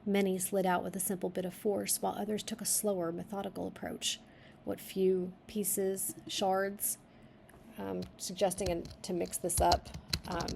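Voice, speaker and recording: Woman reading a draft out loud n fixing it as she goes, gravelly voice, bit of faint noise behind. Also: fairly low pitch. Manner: thinking aloud, stops to suggest rewrites. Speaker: writing critic reading a manuscript. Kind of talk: reading aloud with editing feedback.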